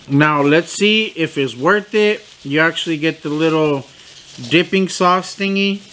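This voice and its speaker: Bright, animated young man reviewing sandwiches. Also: a little high, slow, a little hiss or hum. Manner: profane, animated, incredulous complaining. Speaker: food reviewer. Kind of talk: casual food review vlog.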